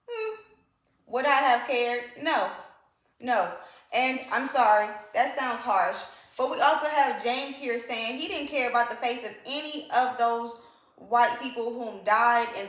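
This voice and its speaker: A woman's voice: a little high, a bit bright. A woman giving a casual, opinionated book review, emphatic and repeating points for effect. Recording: echoey room.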